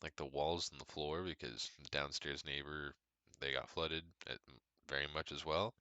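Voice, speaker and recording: A man's voice: very deep voice, fairly even intonation, moderate pace, sharp tone, clear, resonant tone, no room sound, dull audio. A young man hosting his own podcast from his apartment, chatting casually and candidly with lots of fillers and asides. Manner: rambling, candid, self-deprecating with frequent fillers. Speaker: podcast host. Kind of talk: casual solo podcast chat.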